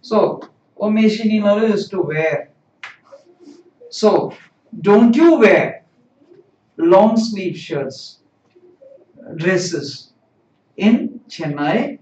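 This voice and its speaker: High-voiced man teaching, echoey and distant. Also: lively intonation, darkish tone. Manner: repeats each phrase and translates it, deliberate and explanatory. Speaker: Japanese language teacher. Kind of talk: live-streamed language lesson. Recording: echoey, distant, dull live-stream audio.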